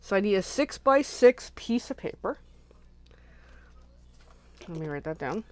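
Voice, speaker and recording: Woman, craft host, casual live chat, rambling, thinking aloud, mid pitch. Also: big pitch swings, measured pace, no room sound. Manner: chatty and rambling, thinks aloud while working.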